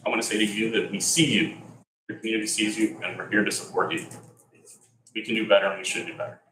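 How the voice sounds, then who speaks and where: Impassioned low-voiced man at a council meeting. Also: little pitch movement, fast talker. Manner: impassioned, emotional, scolding. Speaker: resident giving public comment. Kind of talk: public comment at a council meeting. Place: council chamber. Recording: echoey chamber, faint hum.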